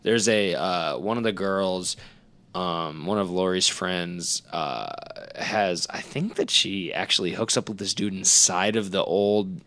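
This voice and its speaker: A man's voice: sits low, unhurried, a bit bright. A man co-hosting a podcast, chatting casually about films in a rambling way, often breaking into laughter and acting out what characters said. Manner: rambling, laughing storyteller who acts out quoted lines. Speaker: podcast co-host. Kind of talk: casual movie-review chat.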